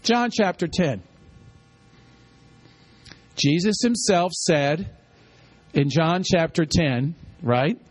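A man's voice: on the high side, animated, very slow, long pauses, breathy edge. A man preaching a sermon, teaching with call-and-response and repeating key lines for the congregation. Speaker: pastor.

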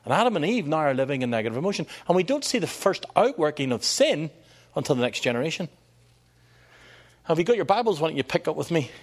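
A middle-aged man preaching a sermon in an animated, conversational way, with asides and jokes for the congregation. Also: fairly high pitch, fast talker.

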